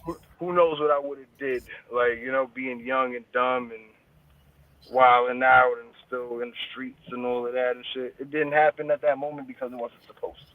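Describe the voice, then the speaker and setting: A man's voice: medium pitch, flat delivery, moderate pace. Fields: man, tinny line, slangy guest. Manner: loose street slang, heavy swearing. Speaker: interview guest. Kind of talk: casual interview chat. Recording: tinny phone-like line, dry.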